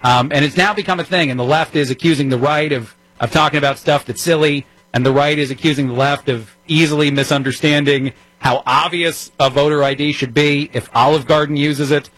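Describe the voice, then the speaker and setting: Man, New Jersey accent, talk radio host, wry, chatty, higher-pitched, dry studio sound. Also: steady tone, fairly quick, few pauses, a bit bright, dry recording, rough recording. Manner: conversational, wry, frequent ums and uhs. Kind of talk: political talk radio monologue.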